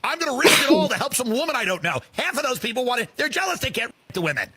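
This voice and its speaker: A man ranting loudly in a comedic style, swearing and acting out mock voices. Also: extremely high pitch, big pitch swings, quick pace, breathy edge. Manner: loud swearing rant, acts out rich people in mock voices. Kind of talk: comedic rant.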